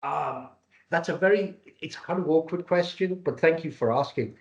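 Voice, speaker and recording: A man's voice: a little high, normal speed. A man from Cyprus and Britain presenting a live webinar over a video call, jokey and salesman-like. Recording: dull lo-fi webinar audio.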